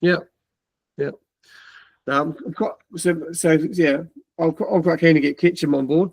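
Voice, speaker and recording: A man's voice: on the high side, fairly even intonation, a little slow, gravelly, no room sound. A man hosting a podcast, bantering cheekily and joking around. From New Zealand. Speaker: podcast host. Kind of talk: casual chat.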